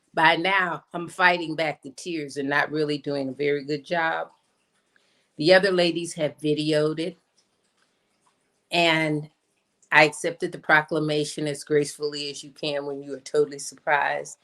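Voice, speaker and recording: A woman minister giving an inspirational sermon as a personal story, slowing down to stress her points. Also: fairly even intonation, fairly bright tone. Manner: storytelling, acts out quoted voices with big pitch jumps; slows down for emphasis. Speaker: guest minister. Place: streamed in from home or studio.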